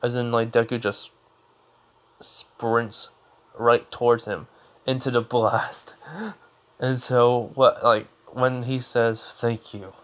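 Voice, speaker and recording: A man's voice: mid-range voice, flat delivery, takes it slowly, long pauses, a bit bright. A young man casually telling a fan fiction story off the cuff, rambling with lots of fillers and restarts.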